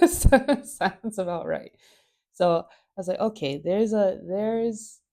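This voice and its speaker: A woman's voice: low voice, dark tone. A woman hosting a casual Bible study, chatty and playful, laughing often and swearing now and then, and sick at the moment. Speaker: host of a Bible study show. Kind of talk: casual Bible reading and chat.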